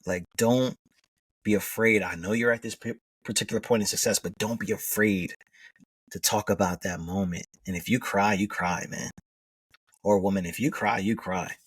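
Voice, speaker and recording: Middle-aged man, coach guest. Earnest storyteller, husky and low, recorded dry from a bit back from the mic. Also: fairly even intonation, normal speed, fairly bright tone, recorded from a distance. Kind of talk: conversational podcast interview.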